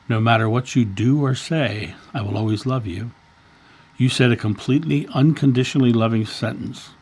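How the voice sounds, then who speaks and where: Fifties male host, raspy and gravelly, earnest story told in a casual talk. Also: on the low side, darkish tone. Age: 50s. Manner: earnest, repeats words while telling a story. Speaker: spiritual channel host.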